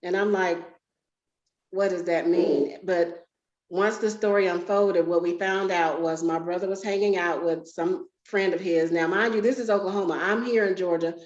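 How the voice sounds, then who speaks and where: A woman's voice: on the low side, steady tone, normal speed. A woman, candidly telling a personal story in a conversational way. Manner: candid, conversational, emotional at times. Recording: roomy, dull lo-fi sound.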